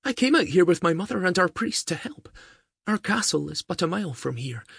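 A man voicing a gentle, earnest young girl with a soft, hurried way of speaking. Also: high voice, big pitch swings, vocal fry, slightly rough, dry recording, clean studio sound, pitched above the performer's own voice, heavily acted.

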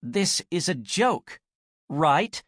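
A man's voice: on the high side, sing-song, extremely slow, a bit bright, dry recording, clean studio sound, voice pushed up, heavily acted. Man voicing an indignant young woman, snapping. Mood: pleading. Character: exasperated young woman, sharp-tongued and desperate. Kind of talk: audiobook character voice.

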